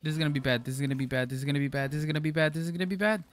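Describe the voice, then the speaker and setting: A man streaming a game live, bantering with his chat. His voice sits fairly high, and the talk is loose and jokey with frequent laughs. Now and then he switches to a stiff, mock-formal tone as a gag. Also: fairly even intonation, rapid-fire. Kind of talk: live gameplay commentary, reading chat.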